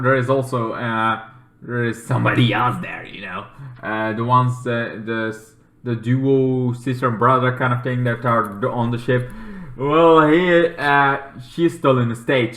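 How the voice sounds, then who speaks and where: A man casually reviewing a TV episode, rambling and halting, with many fillers and restarts. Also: mid-range voice, sharp tone. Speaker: TV show reviewer. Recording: echoey room.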